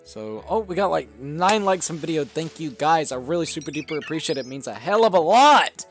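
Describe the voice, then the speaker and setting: A man's voice: a little high, lively intonation, a little fast, faint music behind. A young man chatting casually and swearing while live-streaming a game, laughing often.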